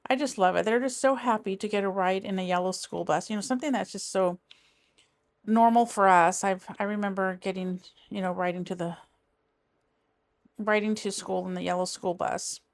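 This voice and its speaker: Middle-aged woman, rambling craft-vlog chatter, mid-pitched voice. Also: fairly even intonation, normal speed. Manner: rambling, chatty, trails off and restarts. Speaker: crafting vlogger. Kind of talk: casual chat while diamond painting.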